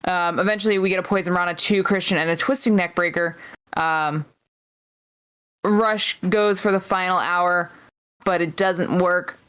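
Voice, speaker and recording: A woman co-hosting a podcast, casually recapping wrestling matches move by move with frequent pauses. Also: fairly low pitch, fairly even intonation, fairly bright tone, smooth. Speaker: podcast co-host.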